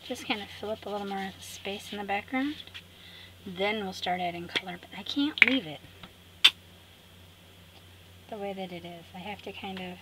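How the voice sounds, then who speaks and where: A woman hosting a craft tutorial, chatting to viewers and talking herself through the steps with cheerful asides. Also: medium pitch. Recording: clear background noise.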